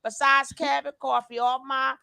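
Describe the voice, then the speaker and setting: A woman hosting a live stream, lively and greeting her viewers. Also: sits high, normal speed, vocal fry, over a noisy crowd. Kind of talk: casual chat.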